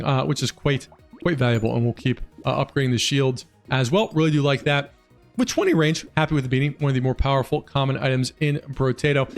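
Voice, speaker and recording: A man casually talking through a game build as a guide host, quick and chatty with frequent fillers. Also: a little high. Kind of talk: casual gameplay commentary. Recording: faint music behind voice.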